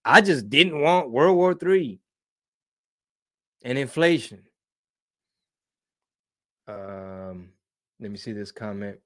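A man's voice: mid-range voice, animated, slow pace, pauses often, fairly bright tone. A man hosting a casual live stream, reading viewer comments in a rambling, slangy way and dropping Spanish words.

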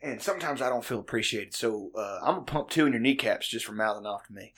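A man voicing a grumpy, threatening older male bar regular who rants slowly. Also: mid-range voice, animated, heavy background noise, natural voice. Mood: menacing. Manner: menacing, drawn-out rant.

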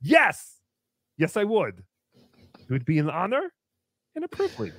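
Goofy, high-pitched male stream host. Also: a little slow, no room sound. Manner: goofy, animated, swinging between squeals and mumbles. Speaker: livestream host. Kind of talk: comedic live-stream chat.

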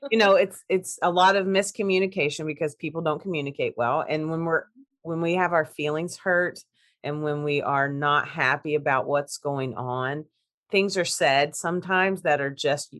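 Lowish-voiced lady cohosting, chatty, laughs a lot, restarts sentences. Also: moderate pace, fairly bright tone. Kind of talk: casual chat.

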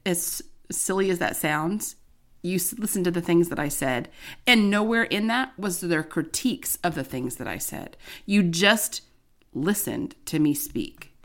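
A woman co-hosting a casual podcast chat, telling a story in an animated, expressive way. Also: mid-range voice. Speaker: podcast co-host.

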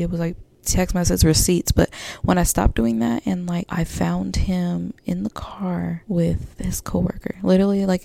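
A woman's voice: on the low side, gravelly, warm tone, no room sound. A woman hosting a personal podcast, talking candidly in a rambling way with many fillers and restarts. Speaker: podcast host.

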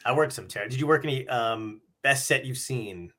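A bright, sharp-voiced man hosting a casual chat. He tells rambling stories and swears freely. He acts out other people's lines along the way. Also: medium pitch, moderate pace. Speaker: podcast host, comic.

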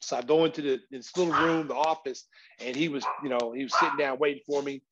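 A middle-aged man telling an animated, slangy story as a guest, acting out voices and sometimes shouting. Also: mid-range voice, fast, lo-fi sound, background noise.

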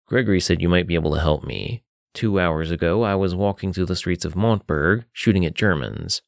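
A man voicing a lost young soldier in an audio story, talking in an earnest, hurried way. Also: deep voice, creaky, dry recording, studio quality, voice pushed down. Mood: pleading.

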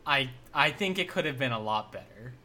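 A man with a bright, forward voice co-hosts a casual gaming podcast. He rambles through his points in a loose way and fills his sentences with "like". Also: medium pitch, expressive, a little fast. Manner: rambling, heavy use of "like". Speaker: podcast co-host.

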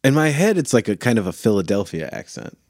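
A male podcast co-host from Michigan throws out dry, wry one-liners in casual chat. His pitch moves around a lot. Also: sing-song, quick pace, darkish tone.

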